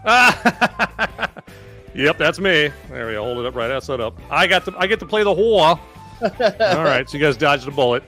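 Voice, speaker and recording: Man, lively and jokey podcast host, higher-pitched voice, faint music behind. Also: moderate pace. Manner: jokey, animated, rambling. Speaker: podcast host running a comedy reading. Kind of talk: casual podcast chat and scripted read-out.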